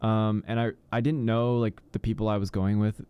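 A young man co-hosting a radio show, his voice low and smooth. He talks in a loose, rambling way, with "like" in almost every line. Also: level tone, normal speed, dark tone, dry recording, dull audio. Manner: rambling, heavy with "like" fillers. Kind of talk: casual radio chat.

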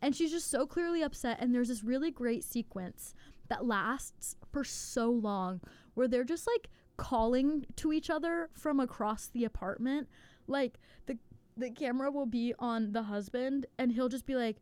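A woman's voice: fairly high pitch, moderate pace, a little mellow, clean tone, dry recording. A young woman hosting a college radio show, chatting casually and animatedly about a film, with frequent fillers. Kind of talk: casual chat, film review. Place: college radio station studio.

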